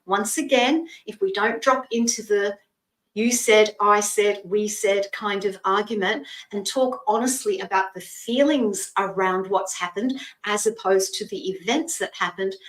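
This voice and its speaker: A woman doing live tarot readings as a stand-in host, talking in a gentle, chatty and reassuring way. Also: mid-range voice, echoey room, far from the mic, low-quality recording. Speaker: psychic reader, stand-in host.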